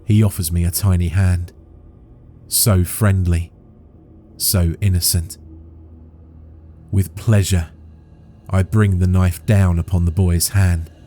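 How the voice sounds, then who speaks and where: A man reading a first-person horror story aloud in a slow, steady storytelling way. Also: sits low, a little hiss or hum.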